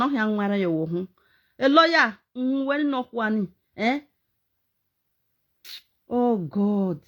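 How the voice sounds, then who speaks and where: A woman's voice: fairly high pitch, fairly bright tone. A Nigerian woman ranting on a live stream, mocking and scolding as she mixes pidgin and English.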